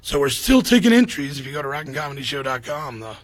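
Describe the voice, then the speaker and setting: A man's voice: medium pitch, very animated, fast talker. A man guest on an interview podcast, chatting casually and rambling as he promotes a karaoke contest. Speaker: comedy show host, guest.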